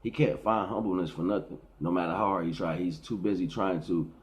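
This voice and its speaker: A man's voice: deep voice, fairly even intonation, fairly quick. Rambling middle-aged man preaching. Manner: rambling, preachy, repeats and restarts. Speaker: vlogger. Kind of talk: casual philosophical monologue.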